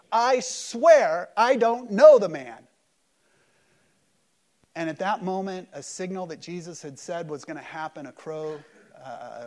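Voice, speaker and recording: A male pastor delivering an Easter sermon to his congregation. His voice sits a touch high, and he swings from forceful emphasis down to near-hushed phrases. He also acts out the voices he quotes. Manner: dramatic preaching, swings between loud emphasis and hushed lows. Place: church service.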